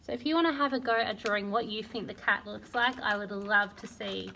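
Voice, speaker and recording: A woman teaching a phonics lesson to young children, sounding out words slowly and praising often. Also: medium pitch, vocal fry, bright, forceful tone, a little hiss or hum. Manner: slow, sounding out words syllable by syllable; encouraging and praising. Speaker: primary school teacher.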